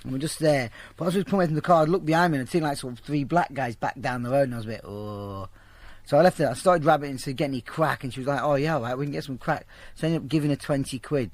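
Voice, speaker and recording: Fast-talking, foul-mouthed man. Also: medium pitch. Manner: blunt, profane, animated storytelling. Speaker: storyteller. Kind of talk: casual anecdote told to an interviewer.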